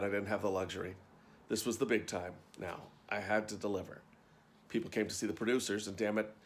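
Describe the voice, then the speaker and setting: A man's voice: lowish voice, a bit bright. A man reading his own backstage memoir aloud in a wry, conversational storytelling manner. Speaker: actor and storyteller.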